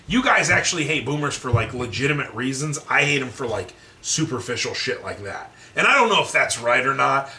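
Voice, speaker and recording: A man's voice: a little high, bright, forceful tone, recorded from a distance. Ranting, profane man in an echoey room. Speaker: podcast co-host. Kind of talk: casual podcast chat.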